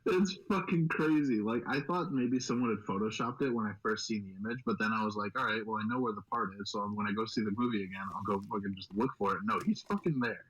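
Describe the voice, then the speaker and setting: A young man co-hosting a podcast in casual chat, swearing constantly and rambling excitedly. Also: on the low side, fast, few pauses, poor audio. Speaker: podcast host.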